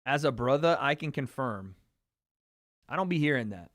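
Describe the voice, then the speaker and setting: A man's voice: mid-range voice, lively intonation, fairly bright tone, no room sound, studio quality. A man hosting a casual livestream, joking and swearing while chatting with his viewers. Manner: joking, profane, quick asides to chat. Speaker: livestream host. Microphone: streaming microphone.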